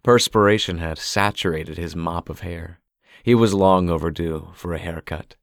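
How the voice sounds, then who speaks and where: A man reading audiobook narration in a measured, steady way. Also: sits low, creaky, dry recording, studio quality.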